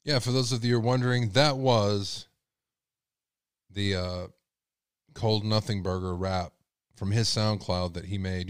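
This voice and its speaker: A man's voice: lowish voice, normal speed, smooth, dry recording, clean studio sound. A man hosting a podcast, giving sarcastic, jumpy true-crime commentary and talking straight to his listeners. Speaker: podcast host.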